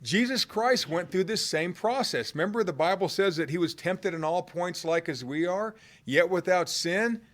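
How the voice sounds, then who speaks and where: A man preaching a sermon in a conversational way, swinging from loud cries to hushed low tones. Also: expressive, normal speed, few pauses. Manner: conversational, with fillers and restarts.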